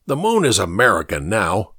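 A man's voice: lowish voice, huge pitch swings, moderate pace, sharp tone, breathy edge, no echo, clean studio sound, exaggerated voice. Man playing a crude, sneering bully of a fiancé. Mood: mocking. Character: crude, mocking grown man, brash fiancé.

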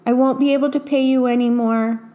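A woman's voice: high-pitched, steady tone, fairly quick, warm tone, lightly acted. A woman voicing a kindly old grandmother witch who talks in a motherly way. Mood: tender.

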